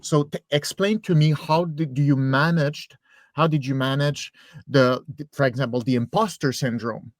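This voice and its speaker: A man's voice: mid-range voice, steady tone, moderate pace, no room sound. Hesitant male interviewer, dry close sound. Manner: hesitant, many restarts while framing questions. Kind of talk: casual interview chat.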